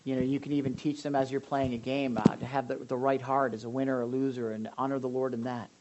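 A middle-aged male pastor preaching to a congregation, animated, acting out little scenes with sudden loud outbursts. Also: mid-range voice, fast talker, highs cut off, very noisy. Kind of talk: sermon talk with audience sharing.

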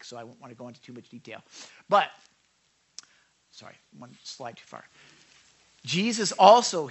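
A man preaching a sermon in an animated way, dropping into quiet asides and then rising to act out the voices in the story. His voice is bright and forward. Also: fairly high pitch, rough recording. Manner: animated, acts out quotes of Jesus and disciples; conversational asides, self-corrections. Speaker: pastor.

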